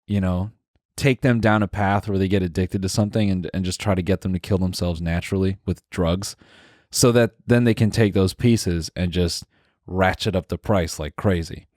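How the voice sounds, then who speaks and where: A man's voice: low-pitched, moderate pace, a little mellow, no room sound, studio quality. A young man co-hosting a casual podcast, rambling and hesitant with many fillers as he works through an idea. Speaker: podcast co-host.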